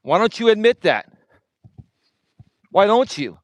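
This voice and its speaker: A man's voice: sits high, big pitch swings, a little slow, no echo. A man hosting a livestream, taunting a rival with repeated jabs. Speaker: livestream host. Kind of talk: confrontational livestream rant.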